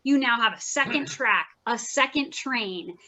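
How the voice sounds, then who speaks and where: A woman's voice: a little high, expressive, a little slow, pushed and bright. A woman therapist giving an informal workshop lecture, chatty and earnest, often repeating phrases. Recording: slightly dull, muffled recording.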